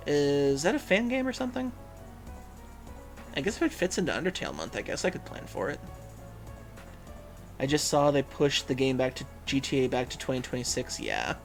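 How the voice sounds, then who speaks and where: A man hosts a livestream in loose, casual chat. His voice moves all over the place in pitch as he reads out viewers' messages, humming and pausing to think. Soft music plays underneath. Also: very animated, creaky. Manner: musing, reads chat aloud, frequent hums and fillers. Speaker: livestream host.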